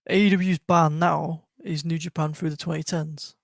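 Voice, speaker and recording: A man co-hosting a podcast in casual chat, eager to chime in, his voice hoarse. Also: fairly high pitch, flat delivery, moderate pace, no echo. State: hoarse, hungover. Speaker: podcast co-host.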